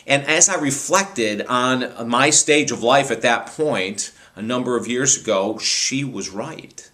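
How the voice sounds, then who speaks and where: A radio talk show host spins a personal story with eager, rambling energy, doubling back on his words as he goes. His voice is bright and forward, pitched in an ordinary male middle range. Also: takes it slowly, hardly any pauses. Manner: animated, rambling, frequent restarts.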